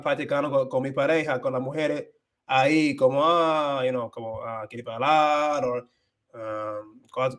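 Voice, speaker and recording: A young American man whose first language is English, hosting a casual livestream and switching between English and Spanish with many fillers and restarts. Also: mid-range voice. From United States. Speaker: livestream host.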